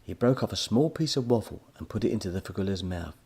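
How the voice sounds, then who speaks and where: A man narrating a children's story as an expressive audiobook reader. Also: lowish voice, fast talker, breathy edge.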